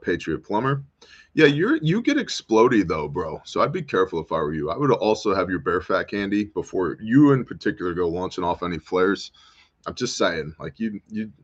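American guy, very low voice, rambling livestream chat, muffled audio. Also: slightly rough. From United States. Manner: rambling, joking, responds to viewer comments. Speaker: host. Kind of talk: casual livestream talk reading chat.

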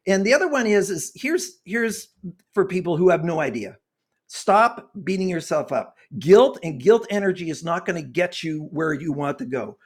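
A man's voice: high voice, expressive, normal speed. A man in his sixties, a guest author and consultant, talking earnestly and getting worked up as he preaches his point in an interview. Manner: impassioned, preachy, gets worked up.

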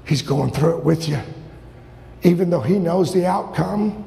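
Male preacher, fervent sermon, frequent shouting, high gravelly voice, long hall reverb. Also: measured pace.

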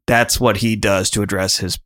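A man's voice: fairly low pitch, fairly even intonation, normal speed, a bit bright. A man co-hosting a casual podcast, talking in a chatty, rambling way and laughing often. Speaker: podcast co-host.

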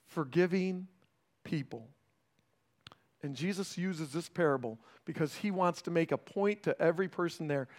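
A man with a voice on the high side preaches a sermon conversationally, frequently checking in with the congregation. He swings between raised emphasis and a hushed, slowed delivery to drive points home.

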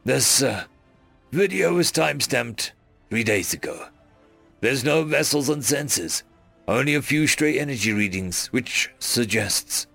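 A man voicing a grim male general who reports slowly and hesitantly. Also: medium pitch, expressive, vocal fry, a bit bright, slightly rough, no echo, faint music behind, full character voice.

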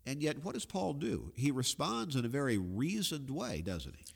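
A man's voice: mid-range voice, big pitch swings, moderate pace, creaky, husky, long reverb tail. Man explaining scripture in plain talk. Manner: explains in plain paraphrase, acts out quoted lines. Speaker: Bible study co-host. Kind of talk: conversational Bible discussion.

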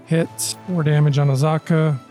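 A man running a tabletop game as game master, calling out rolls and damage in a relaxed way. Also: a little high, normal speed, soft background music.

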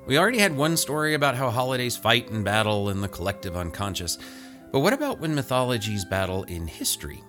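A man's voice: medium pitch, big pitch swings, fast talker, a bit bright, faint music behind. A man hosting a story podcast, introducing each story in a chatty, informal way. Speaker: podcast host.

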